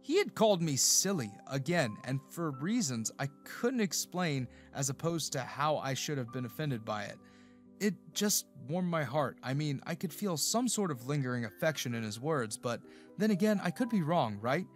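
A man narrating a first-person romance story in an expressive, emotional way. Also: on the high side, moderate pace, faint music behind.

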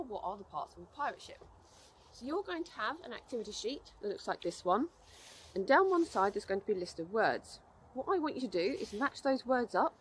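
A woman presenting an outdoor lesson for children, explaining in a lively, upbeat way. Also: a little high, a little hiss or hum.

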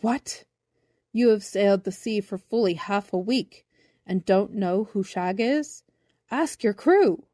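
A woman's voice: medium pitch, takes it slowly, mellow, dry recording, clean studio sound. A woman voicing a seven-hundred-year-old male brownie sea captain who talks down to others in a storybook reading. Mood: scolding. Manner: lofty, scolding. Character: ancient know-it-all male brownie captain.

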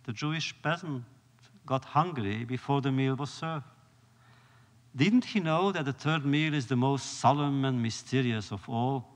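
Male lecturer, measured storyteller with long pauses; live hall reverb. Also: medium pitch. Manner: measured, solemn, with dramatic pauses.

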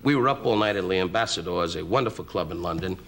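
A man, a comedian guest on a talk show, telling an insult-comedy anecdote with rapid, needling jabs, heard on noisy old TV broadcast audio. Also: sits low, a bit bright.

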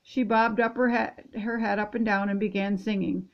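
Older lady reading a kids' book, gentle and steady, middle pitch, muffled lo-fi sound. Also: normal speed. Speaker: storybook reader. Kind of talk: reading a picture book aloud.

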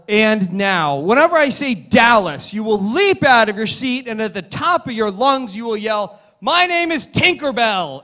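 A man's voice: extremely high pitch, fairly bright tone. A man, performing as a stage hypnotist, giving repetitive, commanding suggestions and often laughing. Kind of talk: live hypnosis show patter. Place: conference stage before a live audience. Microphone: stage microphone, audience not mic'd.

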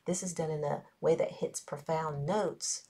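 A woman's voice: sits low, fairly even intonation, unhurried, dark tone, slightly rough. A woman co-hosting a podcast in casual chat, chatty and laughing often, calling listeners y'all. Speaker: podcast co-host.

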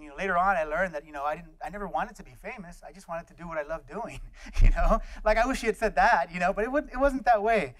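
Middle-aged male guest lecturer, slightly high voice, anecdotal storyteller who acts out the people in his stories. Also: expressive, fast talker. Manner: anecdotal, acts out quoted voices, many fillers.

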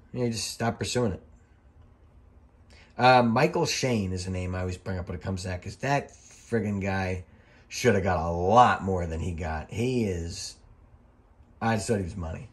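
A middle-aged former referee talks over old wrestling footage in a loose, chatty voice-over. His voice sits a little low, and he wanders from story to story. He swears casually and quickly gets fired up. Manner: rambling, chatty, profane, quick to get worked up.

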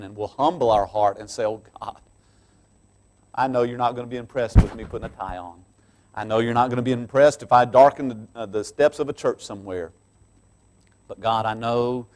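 In a church, a man delivers a sermon as pastor with a mid-range voice, moving from hushed asides to loud, forceful passages. He laughs between lines.

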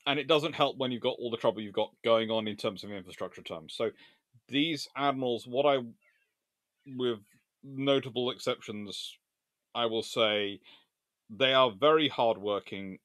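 A man hosting a live-stream history lecture, telling his story in an animated, theatrical way. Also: medium pitch, moderate pace, no room sound, clean studio sound. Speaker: naval historian host.

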